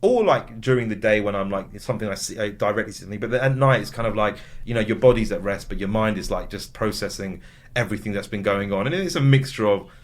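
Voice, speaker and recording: A man's voice: fairly low pitch, expressive, fast. Rambling, chatty male podcast guest. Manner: rambling storyteller, many fillers. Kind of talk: casual chat.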